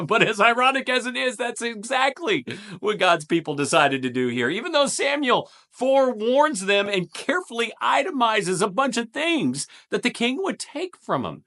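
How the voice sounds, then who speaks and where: A man's voice: extremely high pitch, moderate pace. A man hosting a daily devotional, reading scripture aloud and commenting on it with emphatic stresses and a chuckle. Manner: lively and emphatic, stressing repeated words with a chuckle. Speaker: devotional host.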